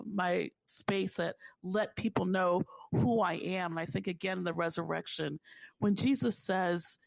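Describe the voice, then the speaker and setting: A woman of Haitian background speaking earnestly and warmly about her faith in a conversation, repeating phrases for emphasis. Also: lowish voice, vocal fry, no echo. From Haitian family.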